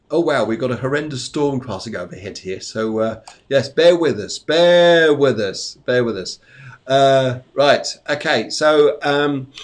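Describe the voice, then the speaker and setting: A man hosting a live psychic medium show, chatting casually and rambling, often repeating his phrases. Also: mid-range voice. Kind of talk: live-streamed casual chat and readings. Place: indoors at home during a storm.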